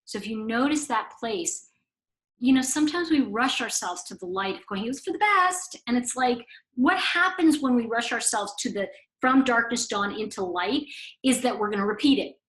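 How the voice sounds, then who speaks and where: A woman's voice: fairly high pitch, lively intonation, normal speed, a bit bright, poor audio. A woman giving a casual spiritual lesson, talking conversationally and acting out bits of dialogue with emphatic swings. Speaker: spiritual teacher and oracle card author. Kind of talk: casual teaching talk.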